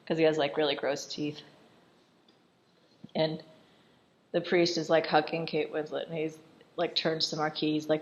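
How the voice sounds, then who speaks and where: A woman's voice: deep voice, fairly even intonation, fairly bright tone, dull audio. Giggly chatty woman recapping a film. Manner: chatty, giggly, acts out quotes in quick voices. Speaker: film commentator. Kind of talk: casual film commentary.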